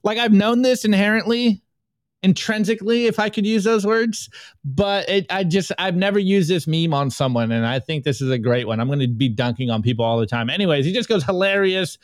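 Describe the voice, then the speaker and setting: A man's voice: high-pitched, fairly quick, dry recording. A man co-hosting a podcast, chatting casually and jokingly as he reads memes aloud, laughing often. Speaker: podcast co-host reviewing memes. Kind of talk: casual chat.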